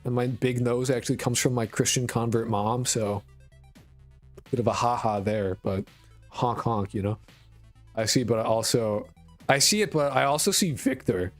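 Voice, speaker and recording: Rambling profane streamer with a New York-Boston lilt. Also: male voice, medium pitch, lively intonation, moderate pace, faint music behind. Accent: mixed New York, Boston and Connecticut. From rural Connecticut, US. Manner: rambling, profane, self-deprecating. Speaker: game dev streamer. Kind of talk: casual live-stream chat.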